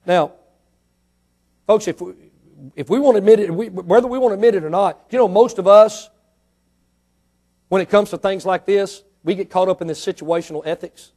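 A male preacher with a very high voice delivers a fervent sermon. He keeps asking the congregation rhetorical questions. His delivery swings from hushed to loud and back again. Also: moderate pace, pauses often.

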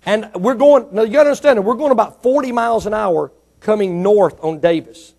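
A male preacher delivering a sermon, moving between quiet storytelling asides and loud, emphatic declarations. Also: a little fast. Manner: swings from low asides to loud ringing declarations.

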